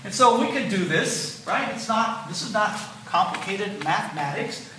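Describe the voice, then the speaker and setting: Older male professor, patient and explanatory; high, bright voice captured from afar in a roomy hall. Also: animated, moderate pace. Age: 60s. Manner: explanatory, repeats key points with "okay?" and "right?". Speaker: physiology lecturer. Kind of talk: classroom lecture. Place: lecture hall. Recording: roomy lecture hall, mic at a distance, faint noise.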